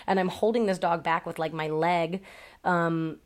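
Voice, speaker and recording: A woman dog trainer chats casually on a podcast, her voice sitting a little low. She tells stories in a loose, profane way, swearing freely and leaning on "like" and "um". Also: steady tone, moderate pace. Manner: profane, chatty storytelling with many fillers.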